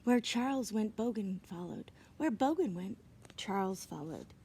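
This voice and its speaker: A woman reading a children's storybook aloud outdoors, gentle and expressive, sometimes dropping into whispered asides. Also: medium pitch, normal speed, vocal fry, a little hiss or hum. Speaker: reader. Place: outdoors in winter. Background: birds chirping.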